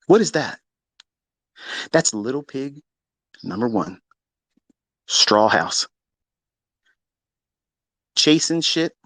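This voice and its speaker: A man hosting a live audio chat, telling a long story in a profane, mocking, animated way. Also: medium pitch, dry recording. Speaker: Twitter Space host. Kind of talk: casual storytelling rant. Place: lives in Maryland.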